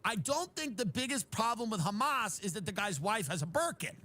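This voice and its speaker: A man's voice: high voice, sing-song, a little fast, pushed and bright. A man delivering an exasperated, sarcastic comedic rant, acting out others' voices in mocking asides.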